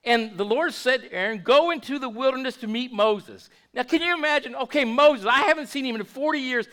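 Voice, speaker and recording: Folksy high-voiced pastor preaching. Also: male voice, a little fast, pushed and bright. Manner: folksy, repeats and restarts words, asks the congregation questions. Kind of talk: sermon.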